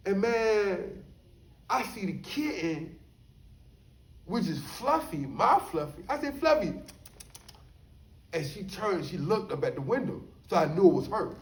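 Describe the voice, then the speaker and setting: A man telling a story from his time in prison in a casual, animated way, often checking in with his listeners. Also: a little high, creaky. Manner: animated, addresses listeners as y'all, frequent "you know what I'm saying". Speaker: storyteller recounting prison life. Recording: echoey room, voice somewhat far from the mic.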